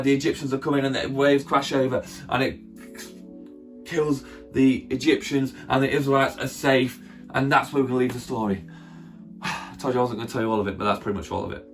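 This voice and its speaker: A man retelling a Bible story for children in a chatty, playful way, often asking his listeners questions. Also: mid-range voice. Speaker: children's church leader.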